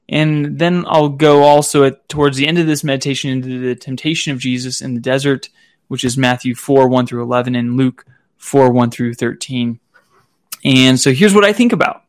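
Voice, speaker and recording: A man's voice: medium pitch, dry recording, studio quality. Man leading a casual rosary meditation. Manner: casual, halting, with fillers and soft laughs. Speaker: rosary prayer leader. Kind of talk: reflective spoken meditation; recited prayer.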